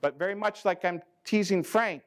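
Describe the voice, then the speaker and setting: High-voiced teasing man at a conference talk. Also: normal speed. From American Midwest. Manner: folksy, teasing, acts out quoted farmers with big pitch jumps. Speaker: ag risk management advisor giving a talk. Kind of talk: joking conference talk to farmers. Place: conference learning center room with a live audience.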